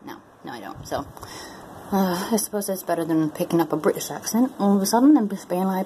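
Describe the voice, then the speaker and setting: A woman's voice: on the low side, animated, fairly quick, dark tone, slight background noise, low-quality recording. Chatty woman talking through new dentures. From Maine, USA. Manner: rambling and chatty, with many fillers. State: talking around brand-new dentures after tooth extractions. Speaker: vlogger. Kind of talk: casual chat to camera.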